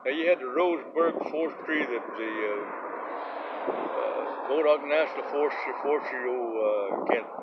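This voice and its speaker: A man's voice: mid-range voice, a little slow. An older man from Northern California, a tribal chairman, telling his life story in a plain-spoken, repetitive, colloquial way. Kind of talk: casual storytelling. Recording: dull lo-fi recording with loud background noise.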